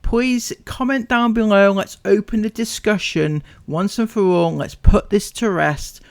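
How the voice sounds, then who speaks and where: A man talks slowly in a somewhat high voice as he comments on clips. His tone stays dry and mocking, with sarcastic asides throughout his commentary. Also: creaky. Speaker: commentary YouTuber.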